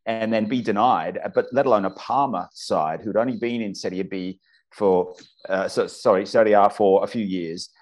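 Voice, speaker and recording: A man's voice: on the low side, normal speed, darkish tone. A man from Australia with an Australian accent, a football commentator talking enthusiastically and restarting his sentences often on a casual podcast.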